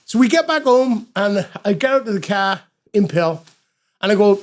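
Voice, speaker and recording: A man's voice: high voice, lively intonation, normal speed. A middle-aged man, telling a story as a guest in a casual interview, swearing freely and acting out the voices of the people he quotes. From Wales. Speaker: guest musician.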